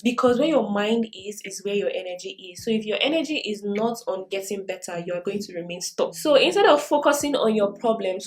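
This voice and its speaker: A woman's voice: mid-range voice, darkish tone, poor audio. A young woman in her twenties vlogging while doing her makeup, giving earnest, encouraging self-improvement advice and laughing often. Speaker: lifestyle vlogger. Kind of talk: casual get-ready-with-me advice vlog. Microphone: camera mic while doing makeup.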